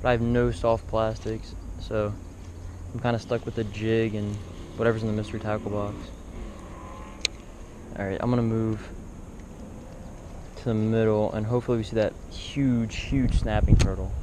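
Man, fishing vlogger, loose rambling talk to viewers, outdoors by a pond with clear background noise. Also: on the low side, level tone, normal speed, pauses often, a little mellow. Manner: rambling, talks to viewers and animals. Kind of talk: casual outdoor vlog.

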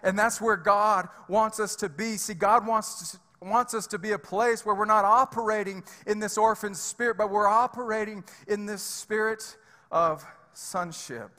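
A man preaching from a church stage, his voice high and bright with a forceful edge. He talks to the congregation casually and with emphasis, full of fillers and repeated words. The big sanctuary lends a long reverb to every phrase. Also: fairly even intonation, moderate pace. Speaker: pastor. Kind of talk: sermon.

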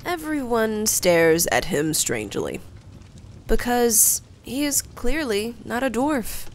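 A woman narrating a tabletop adventure like a storybook, expressive and unhurried. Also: fairly high pitch, a little hiss or hum. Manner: slow, expressive telling with character voices. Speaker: game master narrator.

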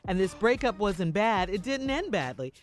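A woman's voice: mid-range voice, big pitch swings, normal speed, faint music behind. Chatty woman radio co-host. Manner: chatty, reads gossip items with laughing asides. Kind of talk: morning radio talk. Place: radio studio.

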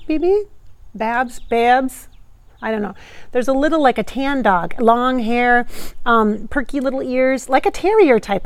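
Chatty medium woman with a gravelly edge. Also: fairly high pitch, no room sound. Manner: chatty and rambling, many fillers, laughs often. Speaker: psychic medium channeling a spirit. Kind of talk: casual chat to camera, reading viewer comments.

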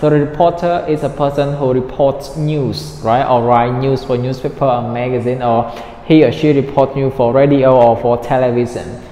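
A male English teacher leading an online lesson, speaking slowly and carefully enunciating, repeating words for his students. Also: medium pitch, fairly even intonation, mellow, a little hiss or hum. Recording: echoey room with long reverb, faint ambience.

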